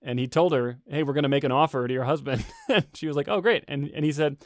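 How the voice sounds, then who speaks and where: A man's voice: mid-range voice, fairly even intonation, fast, no echo, clean studio sound. A man in his forties co-hosting a casual podcast, telling stories with frequent chuckles. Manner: chuckling storyteller. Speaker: podcast co-host.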